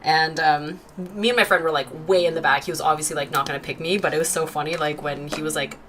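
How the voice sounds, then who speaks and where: A woman's voice: sits low, steady tone, fast, fairly bright tone, slight background noise. Giggly young woman chatting while drawing. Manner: chatty, giggly, lots of fillers, reads chat aloud. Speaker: art livestream host. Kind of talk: casual chat while drawing.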